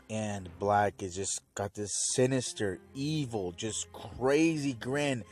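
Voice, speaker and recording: A man casually recapping an episode in a rambling, excitable way. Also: lowish voice, slow, few pauses, faint music behind. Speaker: channel host.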